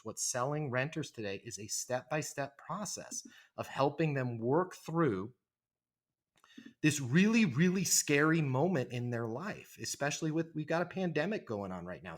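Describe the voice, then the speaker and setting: A middle-aged man, a guest on a podcast interview, talking emphatically and acting out phone greetings in quoted voices. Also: mid-range voice. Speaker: leasing trainer, podcast guest. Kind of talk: energetic podcast interview talk.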